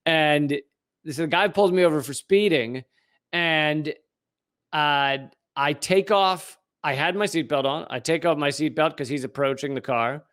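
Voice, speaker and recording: A man's voice: on the high side, measured pace, fairly bright tone, clean tone. A man co-hosting a comedic podcast, telling stories casually with frequent restarts and swearing. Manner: storytelling with frequent restarts, swears, laughs easily. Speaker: podcast co-host.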